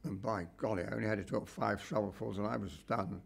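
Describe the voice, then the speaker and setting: A man's voice: lowish voice, fast, creaky, breathy edge. An older man telling a rambling anecdote about a documentary shoot, with wry asides. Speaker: documentary cameraman recalling a shoot. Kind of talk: anecdotal reminiscence.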